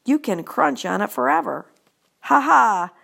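Woman reading as a loud cheerful janitor man, booming, storybook voice, high and bright for her. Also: lively intonation, unhurried, gravelly, exaggerated voice. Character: jolly loud male school janitor. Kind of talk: audiobook character voice.

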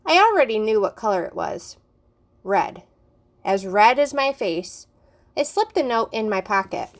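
An adult woman reading a children's chapter book aloud, narrating clearly and expressively. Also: fairly high pitch, sing-song, unhurried. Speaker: storybook reader.

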